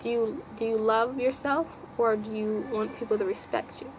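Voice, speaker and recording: A woman's voice: a little high, steady tone, moderate pace, slight background noise, low-quality recording. A woman vlogger telling a personal story in a casual, rambling way, often repeating herself and talking aloud to the Lord.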